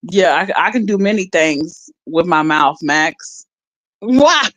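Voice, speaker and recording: A woman's voice: low-pitched, measured pace, a bit bright, dry recording, rough recording. A woman chatting casually on a livestream, rambling and laughing as she reads her viewers' chat aloud.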